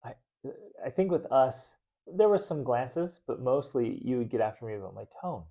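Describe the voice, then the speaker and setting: A man hosting a podcast, chatting casually with his wife and acting out their old arguments in lively voices. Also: mid-range voice, moderate pace, lo-fi sound. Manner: animated, acts out arguments in voices. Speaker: podcast host.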